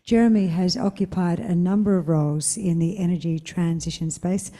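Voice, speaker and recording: Dark-voiced woman MC, joking. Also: on the low side, fairly even intonation, moderate pace. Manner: chatty, joking. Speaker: conference MC. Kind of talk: stage hosting.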